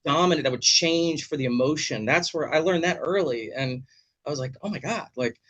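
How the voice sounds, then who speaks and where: A man's voice: a little high, brisk, fairly bright tone. A man hosting a casual video-call chat, telling stories animatedly and swearing freely. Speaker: podcast host.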